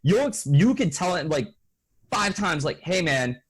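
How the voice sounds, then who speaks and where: A man's voice: high-pitched, measured pace, slightly rough. A young man co-hosting a podcast, telling crude stories in casual chat and mimicking people he talks about. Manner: profane, animated, mimics people in voices. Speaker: podcast co-host.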